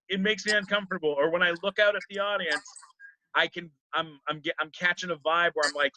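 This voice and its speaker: A man's voice: sits high, a little fast, pushed and bright, dry recording, poor audio. A man, a comedian, chatting casually in an interview, rambling with many fillers and restarts.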